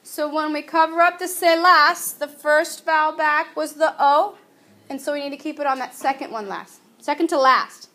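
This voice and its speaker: A woman teaching a Spanish grammar lesson in a chatty, patient way. She draws out her example words slowly. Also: sits high, steady tone, sharp tone. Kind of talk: recorded classroom grammar lesson.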